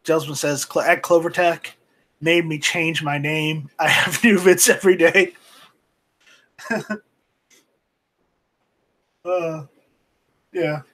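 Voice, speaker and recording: A man hosting a casual live stream off camera, reading viewer chat aloud and talking in a halting, rambling way with many restarts. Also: on the high side, fairly even intonation, fairly bright tone. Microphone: home streaming mic, voice only, off camera.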